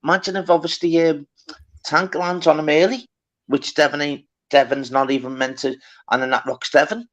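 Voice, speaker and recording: A man co-hosting a casual boxing chat, excitable and swearing freely, calling his partner mate and lad. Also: fairly high pitch, moderate pace. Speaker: podcast co-host.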